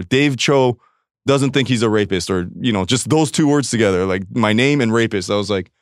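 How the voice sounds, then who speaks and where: A man's voice: on the low side, brisk, no room sound, clean studio sound. A man, a guest on a podcast, telling a candid confessional story in a rambling, profane way, often quoting himself and restarting his sentences.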